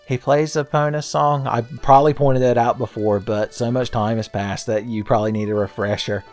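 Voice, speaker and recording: A man's voice: mid-range voice, fairly even intonation, a little fast, darkish tone. A man in his thirties giving casual gameplay commentary as a let's play host, with jokey, sarcastic and profane asides. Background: faint game music.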